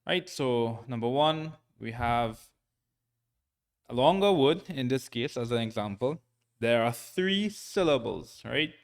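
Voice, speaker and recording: A man teaching a recorded Quran reading lesson, patient and checking in often, sounding out syllables slowly and repeating them. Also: mid-range voice, animated, gravelly. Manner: slow, patient, frequent "right?" check-ins.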